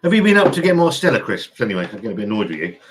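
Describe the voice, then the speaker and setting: Rapid-fire and very animated, a man with a lowish voice runs a casual stream from his home, next to an open window. He goes off on tangents, curses casually, and reads messages from chat aloud.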